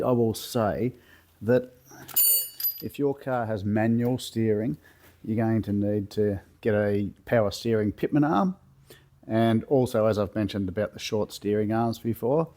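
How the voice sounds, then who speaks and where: A man with a cold and a hoarse voice, talking through a car chassis rebuild step by step in a relaxed, plain-spoken way from his home garage. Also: on the low side. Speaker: workshop builder demonstrating a chassis rebuild. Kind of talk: casual step-by-step how-to explanation.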